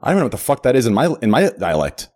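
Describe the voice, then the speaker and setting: A man's voice: mid-range voice, very animated, rapid-fire, darkish tone. A man in casual chat with friends on a voice call, reading quiz questions aloud and reacting in disbelief with lots of swearing. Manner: incredulous, profane, reads quiz questions aloud. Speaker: podcast co-host.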